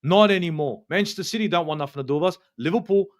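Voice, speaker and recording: A man with an Australian accent and a voice pitched a little above the usual male range. He hosts a fan match review in a heated, ranting way, cursing freely and hammering points home by saying them twice. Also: quick pace. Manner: ranting, swears a lot, repeats himself for emphasis. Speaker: football channel host.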